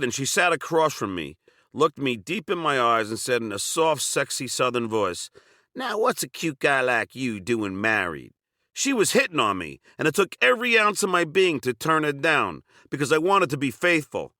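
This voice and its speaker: A man's voice: fairly high pitch, very animated, normal speed, bright, forceful tone, no echo, clean studio sound. A man reading his own memoir aloud, telling crude and sarcastic stories. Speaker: memoir narrator.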